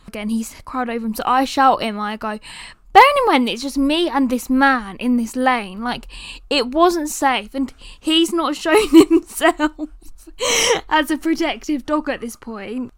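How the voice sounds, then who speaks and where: Woman chatting on her podcast, high voice, dry close sound, gets animated telling stories n talks to her dog. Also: unhurried, no room sound. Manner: animated retelling, sometimes turning to coo at her dog. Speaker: podcast host. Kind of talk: casual storytelling podcast.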